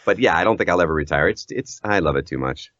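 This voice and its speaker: A man who works as a voice actor, chatting casually as an interview guest in an animated, self-deprecating way and laughing often. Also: low-pitched, quick pace, dry recording. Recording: dull lo-fi audio.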